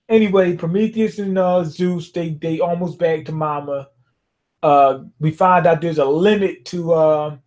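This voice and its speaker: A man's voice: high-pitched, a little mellow. A man giving a rambling, slangy recap of a manga chapter, slipping into quoted dialogue as he goes. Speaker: manga reviewer.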